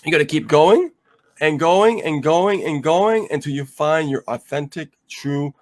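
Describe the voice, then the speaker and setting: A man co-hosting a live coaching stream, relaxed and joking, whose voice sometimes drops low. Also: a little slow. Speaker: co-host of a live coaching show.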